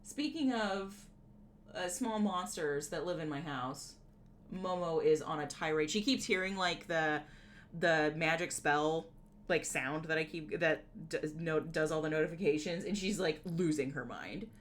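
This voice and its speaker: A woman's voice: low voice, measured pace, a little hiss or hum. A woman streaming from home, chatting casually with her viewers, giggling often and rambling through lots of fillers. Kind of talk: casual live-stream chat.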